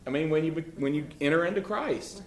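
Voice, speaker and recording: A man's voice: fairly high pitch, a little fast. A man leading a casual Bible class, talking emphatically with many restarts and "you know" fillers. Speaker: Bible study teacher. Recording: echoey room.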